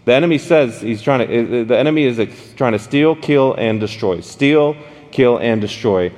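A man preaching in a relaxed, story-led way, his voice sitting at an ordinary middle pitch. He talks directly to the room, throwing questions out to his listeners. The sound trails off in the long reverb of a large hall. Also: normal speed. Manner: animated, addresses the audience directly with questions. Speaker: pastor. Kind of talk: conversational storytelling sermon.

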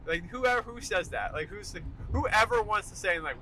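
A young man hosting a solo podcast from his car during a commute, ranting in an animated, emphatic way. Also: a little high, normal speed, poor audio. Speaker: podcast host. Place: in a car while driving. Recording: faint car noise behind. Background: car road noise.

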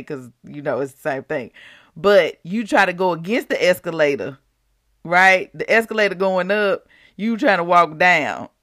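Woman, devotional podcast host; bright, forward tone, dry room, conversational. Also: mid-range voice, no room sound. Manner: chatty, asks the listeners rhetorical questions. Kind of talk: casual devotional talk.

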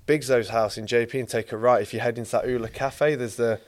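A man's voice: mid-range voice, fairly even intonation. A young man hosting a podcast, telling rambling stories in casual chat with lots of fillers. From England. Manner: rambling, quick storytelling with many fillers. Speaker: podcast host.

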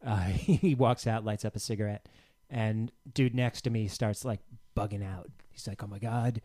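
A man's voice: fairly low pitch, moderate pace, warm tone, dry recording, clean studio sound. A man co-hosting a gaming podcast, telling a casual anecdote in an easygoing way. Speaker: podcast co-host. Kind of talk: casual storytelling chat.

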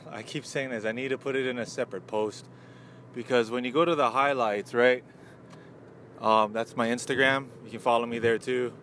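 A man chatting through a laid-back morning podcast, a little out of breath, rambling with plenty of "um" and "you know". His voice sits at an ordinary middle pitch, with faint traffic noise from the street behind him. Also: fairly even intonation, moderate pace, a bit bright. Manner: loose and rambling, lots of fillers. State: winded. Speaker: podcast host. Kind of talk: casual morning chat.

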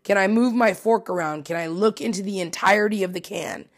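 A woman voicing an anxious young woman who slowly, fretfully asks whether she can look into a can. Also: natural voice. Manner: slow, high, fretful questioning.

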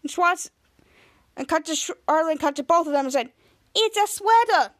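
A woman's voice: high voice, fairly even intonation, fairly quick, a bit bright. A woman hosting a podcast, casually recapping a TV episode and acting out the characters' lines as she goes. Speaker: podcast host.

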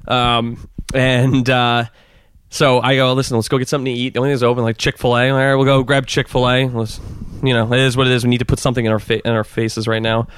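Fast-talking man telling a story. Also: mid-range voice, smooth, dry recording, clean studio sound. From Southern California. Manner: fast, animated storytelling with many restarts. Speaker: podcast guest. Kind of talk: casual storytelling.

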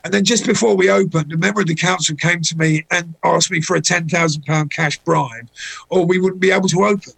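Gravelly-voiced middle-aged man telling stories. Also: high-pitched, a little fast, low-quality recording. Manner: anecdotal, animated when voicing people in stories. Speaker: guest. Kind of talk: casual storytelling chat.

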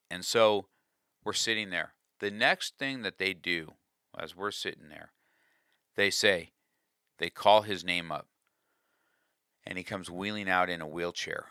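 A man's voice: deep voice, sharp tone, no room sound, studio quality. A man telling a personal story with a life lesson, earnest and confessional, often restarting his sentences.

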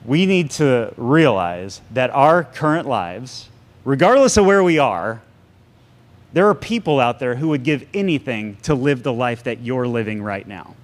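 A man preaching a sermon to a congregation, animated and sarcastic, with big swings in pitch. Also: unhurried. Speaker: pastor.

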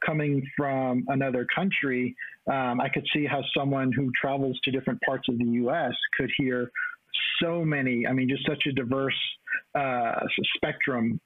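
A man's voice: medium pitch, no room sound. A man from the US-Mexico border in Texas, co-hosting a casual chat and speaking with many restarts and fillers. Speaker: co-host. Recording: tinny phone-like line.

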